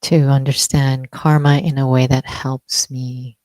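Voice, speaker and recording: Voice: mid-range voice, little pitch movement, a little slow, a little mellow, no echo. An interviewer asking thoughtful questions in a conversation about spiritual teaching, working each question out aloud.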